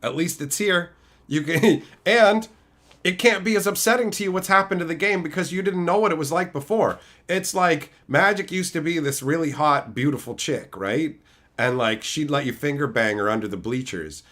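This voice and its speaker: Lively, bright-voiced man streamer. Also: on the high side, normal speed. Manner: animated, profane storytelling with frequent laughter. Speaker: streamer answering chat. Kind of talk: casual livestream chat.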